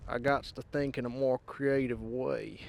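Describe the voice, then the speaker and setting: An Englishman putting on a gruff Southern drawl. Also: medium pitch, fairly even intonation, unhurried, a little hiss or hum. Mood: frustrated. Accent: put-on Southern US drawl. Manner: folksy, says "y'all", swears casually. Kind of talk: vlog monologue.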